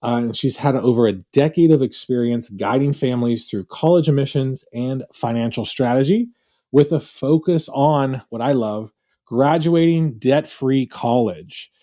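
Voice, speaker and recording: A man hosting a podcast interview, asking loose, filler-heavy questions in a relaxed way. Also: medium pitch, moderate pace. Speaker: podcast host.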